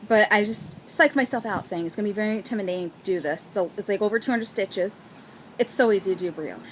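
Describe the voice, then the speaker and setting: A woman's voice: mid-range voice, fast, a little hiss or hum, low-quality recording. A young woman hosting a knitting podcast outdoors, chatting casually and gushing about her latest purchases. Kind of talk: casual chat.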